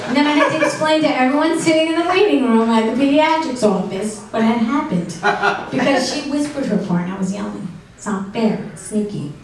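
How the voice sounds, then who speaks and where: A middle-aged woman doing a stand-up comedy set with dry, deadpan delivery and audience banter. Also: fairly high pitch, brisk. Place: comedy club stage. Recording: echoey club room from far off, noisy.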